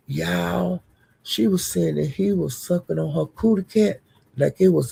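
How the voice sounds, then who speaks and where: A woman's voice: lowish voice, a little slow, vocal fry, mellow, breathy edge. A woman vlogger giving casual gossip commentary to her viewers, blunt, profane and indignant.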